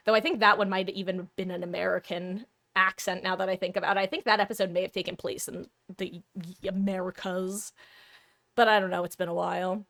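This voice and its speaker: A woman streamer talks casually to her chat at an ordinary pitch. She rambles from thought to thought, restarting her sentences and breaking into laughs. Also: fairly even intonation, quick pace, vocal fry, a bit bright. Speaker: livestreamer.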